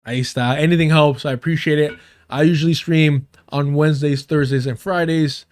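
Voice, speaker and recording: A man's voice: fairly high pitch, fairly even intonation, brisk, darkish tone. A man commenting on a live stream in a heated, sarcastic and profane way. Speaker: streamer reacting to a debate.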